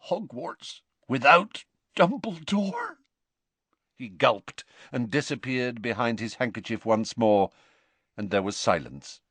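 A man narrating an audiobook in an expressive, measured storytelling manner. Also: fairly low pitch, dry recording. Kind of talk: scripted narration.

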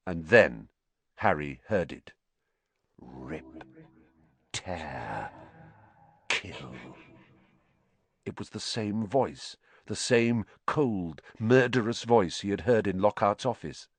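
A man narrating a storybook in an expressive, animated way. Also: lowish voice, unhurried, dry recording. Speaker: audiobook narrator.

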